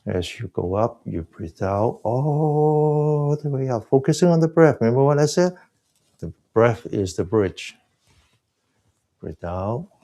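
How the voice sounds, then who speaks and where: A man teaching a breathing class, giving slow, soft guided cues and explaining with more energy. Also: mid-range voice, lively intonation. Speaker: breathing exercise instructor.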